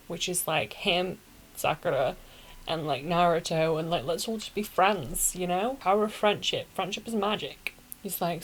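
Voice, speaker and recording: A woman's voice: on the low side, moderate pace, low-quality recording. A young woman hosting a casual anime recap, talking in a chatty, slangy, opinionated way.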